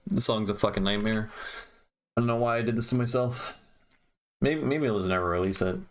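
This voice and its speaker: A man's voice: lowish voice, a little fast. Exasperated young man muttering while mixing. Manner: exasperated, swearing, muttering to himself. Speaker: music producer. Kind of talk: frustrated self-talk while mixing. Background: keyboard clicks and typing.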